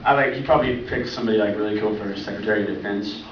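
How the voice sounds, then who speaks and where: A man's voice: fairly low pitch, fairly even intonation, rapid-fire, lo-fi sound, a little hiss or hum. A young man from Oregon doing stand-up comedy at an open-mic night, rambling and laughing at his own jokes. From Oregon, USA. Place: comedy club stage. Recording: echoey club recorded from far off.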